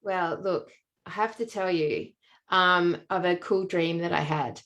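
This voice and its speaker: A woman telling a long personal story in casual chat, animated and full of "like" and "um". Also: on the low side, unhurried. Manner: animated storytelling with many fillers. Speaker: podcast co-host.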